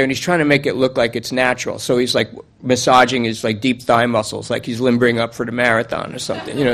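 A man telling a story aloud in a loose, conversational way, with plenty of fillers and restarts. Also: mid-range voice. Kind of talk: spoken storytelling monologue.

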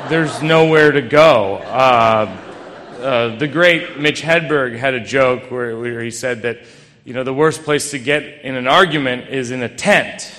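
A man's voice: medium pitch, unhurried, fairly bright tone. Wry rambling storyteller man in a hall. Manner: wry, rambling, self-deprecating. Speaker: comedic storyteller. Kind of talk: stand-up storytelling. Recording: long hall reverb, faint noise.

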